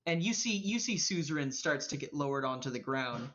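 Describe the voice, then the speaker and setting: A woman's voice: low voice, lively intonation, fairly quick, fairly bright tone, lo-fi sound. A woman running a live-streamed tabletop game as game master, narrating casually with lots of swearing and fillers. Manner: casual, profane, rambling with fillers.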